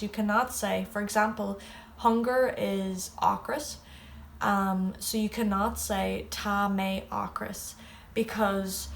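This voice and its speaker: A woman's voice: medium pitch, vocal fry, a little hiss or hum. A young woman teaching a casual spoken lesson. She chats as she explains, patient and drawn out on each word. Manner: chatty, explains patiently, drawls out the Irish words. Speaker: Irish language teacher.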